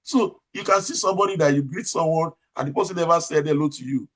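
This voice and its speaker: Loud, emphatic Nigerian man. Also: on the high side, quick pace. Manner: loud, emphatic, repeats points and asks rhetorical questions. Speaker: operating room nurse manager. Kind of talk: advice talk in an interview.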